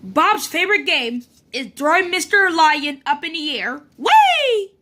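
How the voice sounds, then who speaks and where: A woman reading a children's picture book aloud in an animated, sing-song storyteller manner. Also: high-pitched, normal speed.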